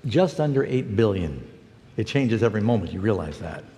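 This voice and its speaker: Folksy preacher in a reverberant hall. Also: male voice, lowish voice, expressive, a little fast, mellow. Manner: storytelling, folksy, emphatic. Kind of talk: broadcast sermon.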